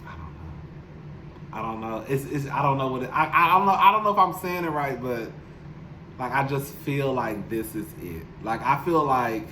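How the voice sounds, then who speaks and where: A man's voice: mid-range voice, very animated, normal speed, background noise. A man chatting candidly and emotionally to his viewers in a casual, profane vlog, speaking from his apartment. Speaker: YouTube commentator. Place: home apartment. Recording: roomy echo.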